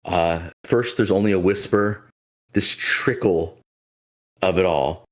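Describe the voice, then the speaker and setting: A man's voice: sits low, slow pace. A man narrating a tabletop game as game master, in dramatic, descriptive fashion with some fillers.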